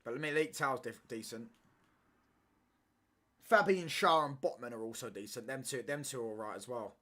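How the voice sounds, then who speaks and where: A young man streaming a football watchalong and bantering with viewers in slangy, animated casual chat. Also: mid-range voice. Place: home streaming setup.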